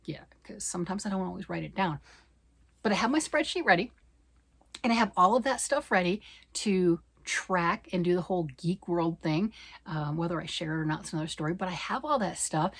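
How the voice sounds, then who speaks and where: A middle-aged woman chatting fast and excitedly about knitting, rambling off on tangents. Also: lowish voice, husky. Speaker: knitting vlogger. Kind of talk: casual chat.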